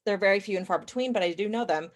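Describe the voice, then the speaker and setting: A young adult woman chatting as a podcast guest, opinionated and talkative, with quick asides and self-corrections. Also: medium pitch. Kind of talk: casual interview chat.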